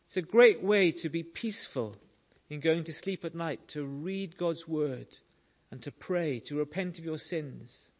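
A man preaching a sermon, slow and earnest, telling stories to make his point. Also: on the high side, darkish tone.

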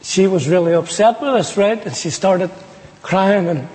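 A man's voice: sits high, normal speed, darkish tone, a little hiss or hum. A man with an Irish accent giving his testimony as a preacher, telling his story with humor and quoting people. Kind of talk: storytelling sermon. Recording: long hall reverb.

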